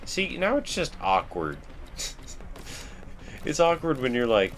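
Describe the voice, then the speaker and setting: A man's voice: fairly low pitch, big pitch swings, moderate pace, pauses often, a little hiss or hum. A man rambling in casual, self-deprecating commentary while he plays a video game. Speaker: let's play host.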